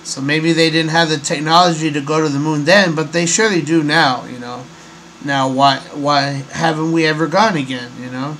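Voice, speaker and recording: Male host, slightly high voice, rambly and halting, faint hum behind. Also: steady tone, fairly bright tone, poor audio. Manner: rambling, hesitant, many fillers. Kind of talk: casual monologue.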